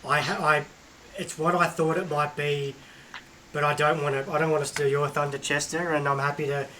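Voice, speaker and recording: A man's voice: a little high, flat delivery, fairly quick, sharp tone, a little hiss or hum. A man, co-hosting a casual sports chat, rambling and hesitant. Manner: hesitant, rambling, lots of restarts. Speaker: co-host. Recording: distant from the mic.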